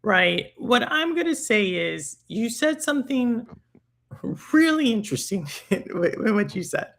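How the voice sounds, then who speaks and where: A podcast host in casual chat who talks in an animated way, thinking aloud and restarting sentences. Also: mid-range voice, unhurried, creaky.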